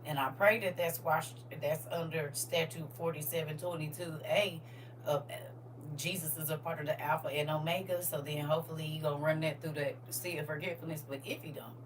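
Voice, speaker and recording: A woman giving casual spiritual advice in a folksy way, calling listeners baby and honey, shifting from hushed asides to loud emphatic bursts. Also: low voice, fairly even intonation, moderate pace, background noise. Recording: voice a bit distant from the mic.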